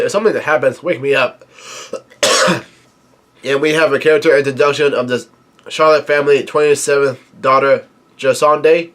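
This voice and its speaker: A man reading a comic chapter aloud and commenting as he goes, hesitant with many fillers and easily excited. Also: medium pitch. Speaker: manga reviewer. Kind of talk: casual read-through commentary.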